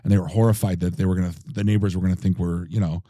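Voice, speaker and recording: A man hosting a podcast, telling stories in a rambling, animated way with lots of fillers. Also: deep voice, very fast, dry recording, clean studio sound. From United States. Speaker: podcast host. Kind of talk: casual chat.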